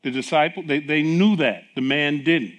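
A middle-aged pastor's voice, on the high side and at a moderate pace, leads a sermon. He acts out dialogue in animated stories and laughs often.

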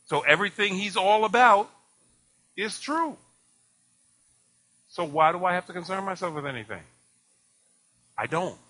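A pastor preaches a sermon in a high voice at a moderate pace, pausing often. He's animated, putting rhetorical questions to the congregation and acting out conversations with laughter.

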